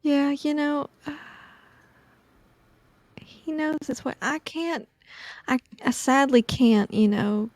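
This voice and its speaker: A woman's voice: sits high, slow pace, long pauses, dry recording. Chatty woman player, dry sound. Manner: playful, chatty. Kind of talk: casual tabletop play.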